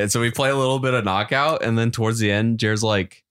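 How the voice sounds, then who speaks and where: A man's voice: medium pitch, fairly even intonation, quick pace, fairly bright tone, clear, resonant tone, no echo, studio quality. A man co-hosting a casual podcast, telling stories with laughs and swearing. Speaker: podcast co-host. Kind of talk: casual chat.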